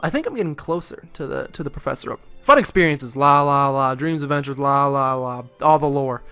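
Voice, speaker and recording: A man's voice: mid-range voice, a little fast, few pauses, pushed and bright, clear, resonant tone, no room sound, faint music behind. A man doing casual let's play commentary, rambling with jokes and profane asides into a close mic.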